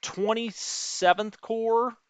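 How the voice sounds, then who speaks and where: A man's voice: very high-pitched, steady tone, slow pace, clean tone, no room sound. Chatty man thinking aloud over a wargame. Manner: thinks aloud, muttering over unit numbers; chatty with live chat, reads out comments. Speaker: strategy game streamer. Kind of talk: live-streamed wargame let's play.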